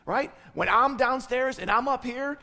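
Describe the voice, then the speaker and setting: A man's voice: very high-pitched, measured pace, creaky, bright, forceful tone, long reverb tail. A male pastor preaching a sermon in an emphatic way, repeating key phrases and tagging his points with "right?". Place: church sanctuary.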